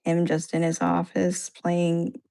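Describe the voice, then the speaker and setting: Low gravelly woman chatting casually. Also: monotone, slow, dark tone. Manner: chatty, peppered with "like". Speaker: livestream co-host. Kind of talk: casual chat.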